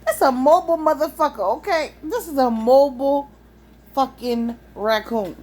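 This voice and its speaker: Animated profane woman telling a story. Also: high-pitched, moderate pace. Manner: animated, profane, laughing often. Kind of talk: casual storytime.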